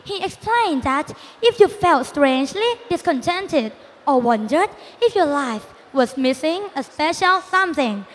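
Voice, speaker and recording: Young woman, careful storytelling narration, high voice, reverberant hall. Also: expressive, unhurried. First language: Thai. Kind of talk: school readers' theatre narration.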